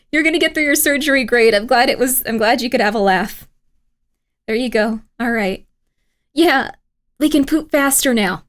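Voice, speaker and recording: A woman streamer chatting casually with her live chat, giggly, rambling and full of apologies. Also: a little high. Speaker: streamer reacting to videos.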